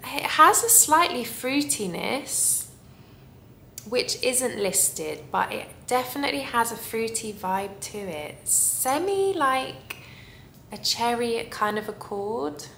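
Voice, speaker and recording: A woman talks slowly and unhurriedly, drawing out her words as she raves about what she loves. Her voice rings in a noticeably echoey room with a faint rumble underneath. She gushes warmly and takes her time, like a fan sharing her favorites. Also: expressive, vocal fry. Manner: gushing, savoring descriptions. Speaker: perfume reviewer. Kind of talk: casual review vlog.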